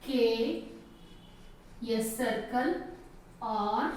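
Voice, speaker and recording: Woman, shorthand teacher, high voice, slow deliberate explanation, distant mic, very echoey room, faint noise. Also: darkish tone. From India. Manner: slow, methodical, spells out each stroke. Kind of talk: step-by-step classroom explanation.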